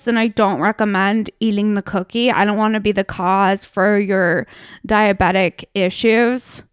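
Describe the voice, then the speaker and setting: A brash young woman comedian hosting her own show, talking in a playful, profane monologue. Her voice sits fairly high and comes through smooth and clear on a dry, close mic. She drops into hushed asides and then bursts out loud. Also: no echo.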